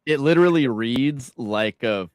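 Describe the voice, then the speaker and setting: A young man co-hosting a casual political livestream, relaxed and conversational. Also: mid-range voice, unhurried, no echo. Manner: relaxed, conversational, says bro. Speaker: co-host.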